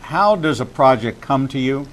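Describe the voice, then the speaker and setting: A man from Pittsburgh hosting an interview, asking questions in a measured, deliberate way. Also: mid-range voice, animated, low-quality recording. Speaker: interview host.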